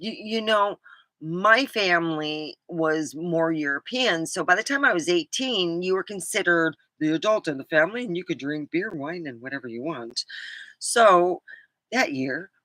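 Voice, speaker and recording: A woman's voice: lowish voice, lively intonation, normal speed, sharp tone, no echo. Chatty woman with an English-tinged accent. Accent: English-tinged American. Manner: rambling, laughing, lots of ums. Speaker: vlogger. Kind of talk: casual storytelling.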